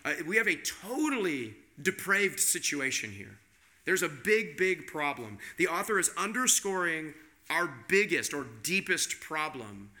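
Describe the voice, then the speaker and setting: Bright-voiced male pastor preaching. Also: on the high side, very animated, unhurried. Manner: conversational preaching with rhetorical questions. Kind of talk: sermon.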